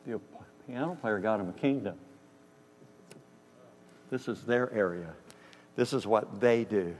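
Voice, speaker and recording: A man's voice: lowish voice, unhurried, darkish tone. A man preaching a storytelling sermon in a conversational way, acting out dialogue and asking the congregation if they hear him. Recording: reverberant hall with faint hum.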